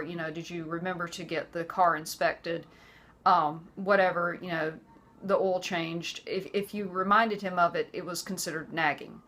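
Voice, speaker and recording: A woman in her forties speaking earnestly to the camera about her own life, halting often and restarting her sentences. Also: lowish voice, fairly bright tone. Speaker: vlogger. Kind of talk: personal testimony to camera.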